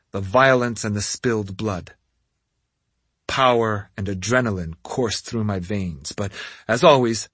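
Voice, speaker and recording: A man narrating a first-person fantasy audiobook in a dramatic, expressive reading. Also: medium pitch, breathy edge, no room sound.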